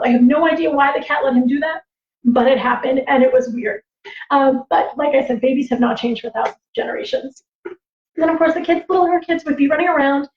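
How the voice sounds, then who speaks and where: A woman storyteller and teacher on a livestream, animated and laughing, acting out voices as she tells stories. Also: sits high. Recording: roomy, slightly dull livestream audio.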